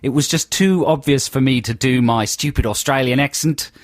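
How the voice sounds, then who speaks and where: A man's voice: mid-range voice, normal speed, no room sound. A man co-hosting a comic radio show, with a dry, understated, wry way of talking. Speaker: radio co-host. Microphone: studio mic.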